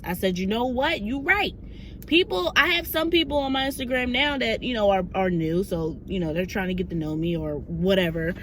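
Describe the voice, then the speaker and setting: Female vlogger, bright tone, faint background noise, animated storyteller. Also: mid-range voice, normal speed. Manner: excited, animated retelling with quoted asides. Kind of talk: casual storytime vlog.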